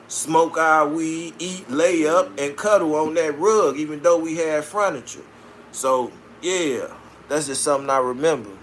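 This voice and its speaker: A Chicago man runs a casual livestream, reading viewer comments and firing back with brash, profane street banter. His voice sits on the high side with a sharp edge, and there's slight background noise.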